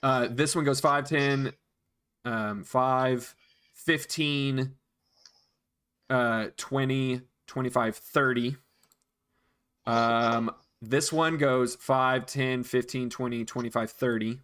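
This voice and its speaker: A man's voice: medium pitch, steady tone, slow pace, a bit bright, smooth. A man acting as dungeon master, patiently explaining rules and counting out moves in casual chat. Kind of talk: narrating a tabletop game.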